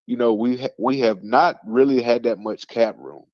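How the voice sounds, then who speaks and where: A man's voice: medium pitch, normal speed, no room sound. A man hosting a casual sports talk show, rambling with lots of fillers and restarts. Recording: dull lo-fi stream audio.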